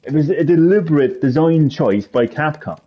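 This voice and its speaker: A man's voice: fairly high pitch, animated, moderate pace, husky, dull audio. A man live streaming a heated gaming rant, swearing a lot and repeating his points with emphasis.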